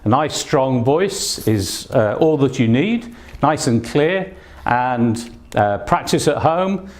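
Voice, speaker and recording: A man's voice: medium pitch, animated, slow pace. A man teaching an online English speaking test lesson, patient and encouraging, with frequent fillers as he explains.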